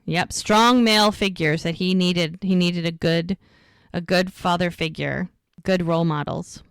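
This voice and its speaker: A woman's voice: fairly low pitch, steady tone, a little slow, vocal fry, smooth, dry recording. A woman co-hosting a podcast, chattily retelling an episode scene by scene with frequent fillers. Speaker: podcast co-host. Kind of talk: casual episode recap.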